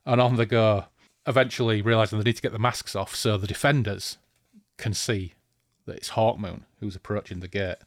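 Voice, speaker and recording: A man chats enthusiastically about a fantasy novel on a podcast, thinking aloud as he goes. His voice sits a bit low. The recording is dry and close to the mic. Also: steady tone, brisk, dry recording. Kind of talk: casual book discussion.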